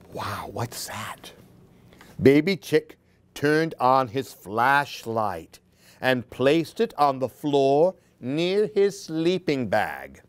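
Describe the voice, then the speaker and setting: A woman reading storybooks aloud to young children, very slow and sing-song. Her pitch rises and falls widely to keep them listening. The recording is close and dry. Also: very animated, no room sound.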